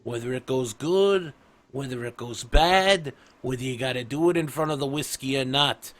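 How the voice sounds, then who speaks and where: A man voicing an old male dwarf crime-family patriarch who gives gruff, menacing orders. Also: medium pitch, normal speed, fairly bright tone, pitched above the performer's own voice, close to an everyday voice. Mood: commanding, menacing.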